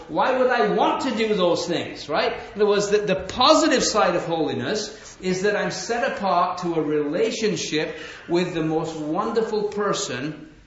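An earnest middle-aged man delivers a sermon, often stumbling over his words and asking the room "right?". The sound is a little muffled, and it echoes through a large room. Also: high voice. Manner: earnest, repeats "right?" to the audience; restarts and stammers often. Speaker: preacher. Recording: roomy, dull live hall recording.

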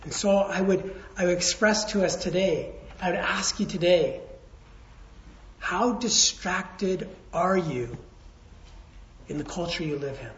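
A man pastor giving a sermon, telling stories in a conversational way, dropping to hushed tones and then rising again. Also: high-pitched, unhurried, slight background noise. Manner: storytelling, conversational, swings from hushed to raised. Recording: roomy, slightly dull sound.

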